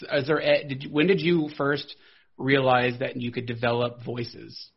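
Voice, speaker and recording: A man's voice: mid-range voice, little pitch movement, moderate pace, husky, lo-fi sound. A man hosting a podcast, enthusiastic and rambling, laughing readily. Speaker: podcast host. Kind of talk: casual podcast interview.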